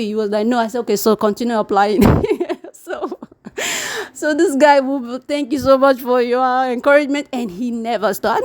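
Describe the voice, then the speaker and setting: High-voiced woman chatting to camera. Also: moderate pace. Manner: animated, repeats words, mimics quoted people. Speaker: YouTube vlogger. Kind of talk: casual to-camera chat. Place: living in Brazil.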